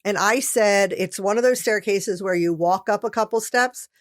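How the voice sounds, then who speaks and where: A woman's voice: medium pitch, normal speed, no echo. Woman cohost chatting and telling stories, laughs a lot, mid voice, dry close sound. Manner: storytelling, laughs often. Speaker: podcast co-host. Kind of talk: casual chat.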